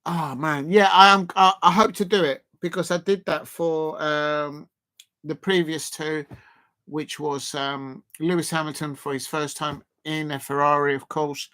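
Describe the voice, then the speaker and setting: A man's voice: on the high side, fairly even intonation, unhurried, bright, forceful tone, clean tone. A man hosting a casual live stream, reading out viewer comments and rambling with lots of fillers and restarts.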